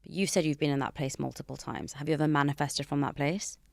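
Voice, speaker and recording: Podcast host lady, talks super fast, lowish voice, gushy and emotional, dry sound. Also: fairly even intonation, gravelly, no room sound. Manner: gushing, emotional, laughs easily. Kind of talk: casual interview chat.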